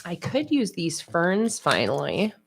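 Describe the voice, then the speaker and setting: A woman hosting a casual livestream, chatting in a relaxed way with frequent fillers. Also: fairly low pitch, a little slow, creaky, slightly rough. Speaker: livestream host. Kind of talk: casual livestream chat while planning.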